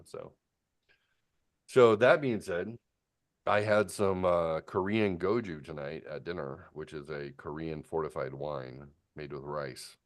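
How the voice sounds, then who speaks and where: Brief: low-voiced man in his fifties hosting a loose chat, rambling storyteller who keeps restarting sentences. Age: 50s. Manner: acts out quoted people in a raised voice. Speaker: host. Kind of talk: casual chat.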